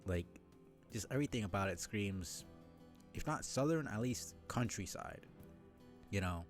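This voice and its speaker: A man's voice: lowish voice, animated, unhurried, faint music behind. A man streaming a game live, chatting in a rambling, self-deprecating way with lots of fillers.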